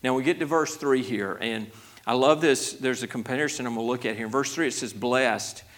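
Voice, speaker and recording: A man's voice: mid-range voice, a little fast, fairly bright tone. A man preaching a conversational Bible study sermon, folksy, with many restarts, growing emphatic. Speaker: pastor.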